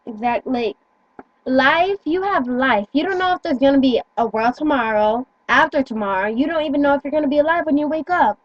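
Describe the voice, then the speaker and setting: A woman's voice: high-pitched, lively intonation, fairly quick, muffled recording. Rambling teen girl on a phone. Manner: rambling, many "like"s, stumbles over words. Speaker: teen vlogger. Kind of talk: earnest casual chat.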